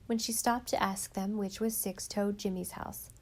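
A woman narrating a storybook in an expressive reading voice, softening on quiet passages. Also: mid-range voice, normal speed. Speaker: audiobook narrator.

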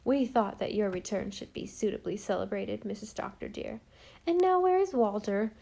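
A fussy, devoted housekeeper, put on by a woman reading aloud, earnest and old-fashioned, swinging from hushed asides to big dramatic exclaims. The voice sits soft and mellow, warm rather than bright. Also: medium pitch, lively intonation, normal speed, vocal fry.

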